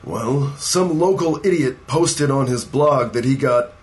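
A man's voice: medium pitch, measured pace, lightly acted. A man playing a firm, persuasive agency boss. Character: calm male agency boss offering a job. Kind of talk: audio drama acting.

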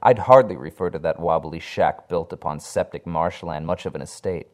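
A man voicing a sinister featureless entity who speaks with smooth, measured menace. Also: low-pitched, darkish tone, close to an everyday voice. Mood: menacing.

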